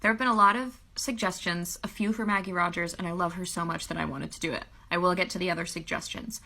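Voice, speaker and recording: A woman's voice: fairly low pitch, steady tone, fast, vocal fry, sharp tone. A young woman giving an upbeat, step-by-step vocal tutorial, plainly explaining how to imitate singers. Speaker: singer and impressionist teaching vocal impressions.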